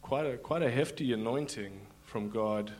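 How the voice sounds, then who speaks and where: Guy telling his church testimony into a stage mic, halting, lots of uhs and restarts. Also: mid-range voice, darkish tone. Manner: halting, many fillers and restarts. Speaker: guest giving a testimony. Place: church in front of a congregation.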